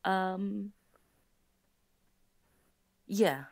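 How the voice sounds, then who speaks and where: A woman co-hosting a casual live stream, soft-spoken and quick to laugh. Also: mid-range voice, vocal fry, no room sound. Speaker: co-host and story reader.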